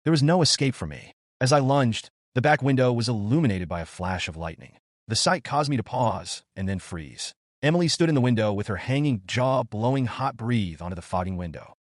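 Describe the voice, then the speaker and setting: A man narrating a first-person horror story with a lively, expressive delivery. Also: mid-range voice, no room sound, studio quality.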